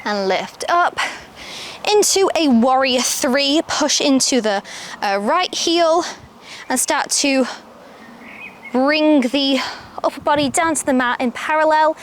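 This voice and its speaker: A young adult woman teaching a yoga class outdoors, giving calm step-by-step cues. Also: sits high, slow pace, long pauses, a little hiss or hum. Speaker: yoga instructor. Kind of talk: guided yoga class instruction. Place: outdoors, birds audible. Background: faint outdoor ambience with birdsong.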